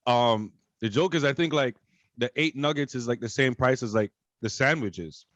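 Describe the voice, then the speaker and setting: A man from Canada co-hosting a podcast, rambling along with lots of fillers. He sounds animated and sure of his takes. The recording is dry and a little dull, like a cheap mic. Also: medium pitch, moderate pace, no room sound. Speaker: podcast co-host. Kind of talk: casual chat.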